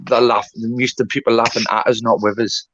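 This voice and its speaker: Fast-talking british man, muffled. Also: mid-range voice, flat delivery, crowd noise. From Britain. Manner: fast, rambling, swears casually. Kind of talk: casual chat on a video call.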